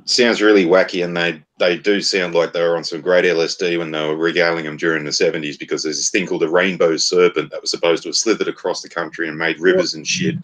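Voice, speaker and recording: An Australian man co-hosting a podcast, telling profane, swaggering stories in casual banter. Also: deep voice. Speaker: podcast co-host.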